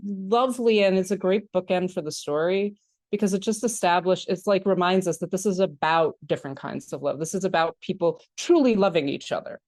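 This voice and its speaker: Lively woman podcast co-host, very dry sound. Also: a little fast, no echo. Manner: animated, acts out childish protests in a higher voice; frequent laughter and filler words. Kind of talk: casual film discussion.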